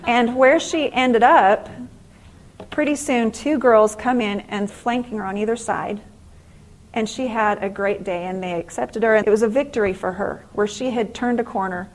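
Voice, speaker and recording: A middle-aged woman giving a faith-based motivational class at a conference, telling stories with lively acted-out exclamations. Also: fairly high pitch, normal speed, poor audio. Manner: animated storytelling, acting out exclamations. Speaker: conference speaker and author.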